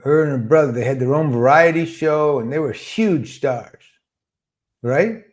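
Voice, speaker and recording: An older man hosting a casual interview, telling relaxed anecdotes from his early career. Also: fairly high pitch, a little slow. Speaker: host.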